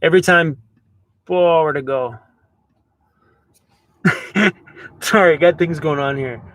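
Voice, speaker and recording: A Canadian man chats through a casual livestream, his voice sitting notably high for a man. He rambles in a loose, friendly way, full of "um"s and quick apologies. The sound is close and dry, with almost no room around it. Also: fairly bright tone, no echo. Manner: chatty, loose, frequent fillers and apologies. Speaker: livestream host. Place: inside a camper van.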